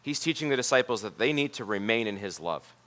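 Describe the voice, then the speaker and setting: A man's voice: on the low side, expressive, fast talker. A man preaching a sermon in church, in a conversational way, often repeating his words. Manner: conversational, repeats words, drops to a soft voice for quoted lines.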